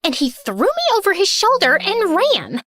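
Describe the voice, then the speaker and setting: A young woman narrating an animated story as a spoiled, theatrical rich girl, sarcastic and self-centered. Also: very high-pitched, moderate pace, dry recording, clean studio sound, heavily acted. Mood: sassy. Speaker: first-person narrator.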